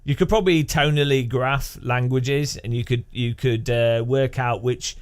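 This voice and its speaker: A man's voice: medium pitch, fairly even intonation, a little slow, smooth. A man streaming live, chatting casually with viewers and laughing often. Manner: chatty, laughs often, imitates language rhythms with syllables.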